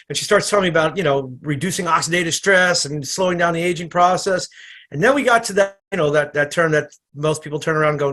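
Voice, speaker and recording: Energetic man presenting on a call. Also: on the high side, quick pace. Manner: energetic, conversational, repeats words and restarts. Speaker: chiropractor giving product training. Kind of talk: casual presentation on a video call. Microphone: computer microphone on an online call.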